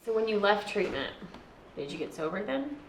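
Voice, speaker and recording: A woman's voice: medium pitch, big pitch swings, normal speed. A woman interviewer asking short, incredulous questions. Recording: echoey, noisy, off-mic.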